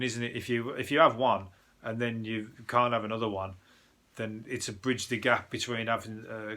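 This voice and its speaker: Man, Birmingham accent, bright forceful tone, rambling sweary news chat, comedian host. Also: fairly low pitch. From England. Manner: rambling, sweary, joking asides with frequent fillers. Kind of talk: casual news review chat.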